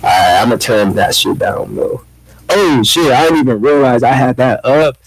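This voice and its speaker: A man's voice: mid-range voice, lively intonation, normal speed, poor audio. A man trash-talking someone in a group voice chat, with crude, repetitive insults. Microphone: headset or desk mic on a voice call. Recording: loud static on a voice chat mic.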